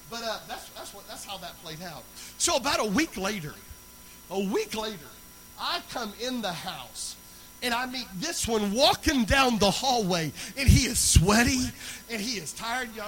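A man pastor preaching a sermon, telling a personal story that builds into loud, chanting preaching. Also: high voice, low-quality recording.

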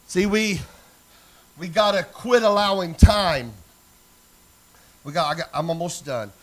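A male pastor preaching a sermon, telling a personal story and building to fervent, shouted exhortation. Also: fairly high pitch, animated, a little slow.

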